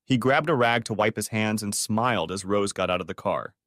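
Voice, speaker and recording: A man narrating a dramatic story in a steady, scripted reading. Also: fairly low pitch, a little fast, no echo, studio quality. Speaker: audiobook narrator.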